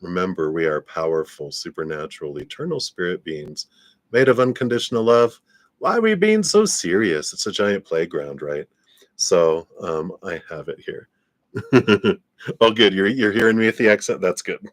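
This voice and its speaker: A man's voice: low-pitched, moderate pace, no room sound, clean studio sound. A man giving a live-stream tarot reading in a laid-back, rambling way, often laughing and trailing off. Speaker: tarot reader.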